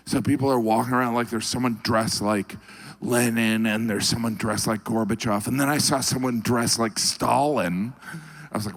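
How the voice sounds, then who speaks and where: A middle-aged man doing a deadpan stand-up routine on stage. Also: medium pitch, normal speed. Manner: deadpan, puts on mock Russian voices in quotes. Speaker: stand-up comedian. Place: comedy stage before a live audience.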